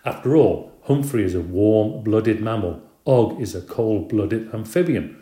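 A man's voice: on the low side, animated, unhurried, dark tone. A man doing a firm, patient schoolteacher woman. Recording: roomy echo.

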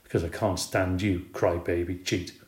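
A man's voice: deep voice, fairly even intonation, normal speed, roomy sound, lightly acted. A man voicing a stubborn schoolgirl who insists on her innocence and snaps back sharply in a storybook reading. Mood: spiteful. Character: stubborn schoolgirl, defensive and spiteful.

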